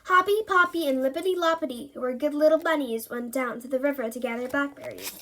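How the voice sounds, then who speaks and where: Woman, high voice, playful children's book reader. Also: quick pace, pushed and bright, a little hiss or hum. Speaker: storybook reader. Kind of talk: reading a children's book aloud.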